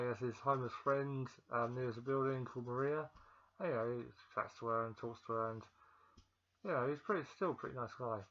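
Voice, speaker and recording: A man talks through a film's plot in a loose, rambling way, full of ums and self-corrections. He is feeling ill. His voice sits in a middle pitch, and the recording sounds dull and lo-fi. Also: fairly bright tone. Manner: rambling, with many ums and restarts. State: feeling ill, pausing to cough. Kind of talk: casual film recap.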